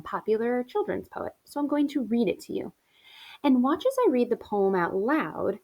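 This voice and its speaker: A woman teacher speaks to her young class in a friendly, encouraging way during a virtual reading lesson. Her voice sits at an ordinary middle pitch, and her tone stays patient and clear. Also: darkish tone. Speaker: elementary school teacher.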